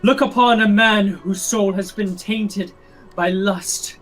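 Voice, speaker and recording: A woman's voice: mid-range voice, slow pace, soft background music, voice pushed up, natural voice, poor audio. A woman voicing a self-whipping penitent man with overwrought, pleading piety. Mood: solemn.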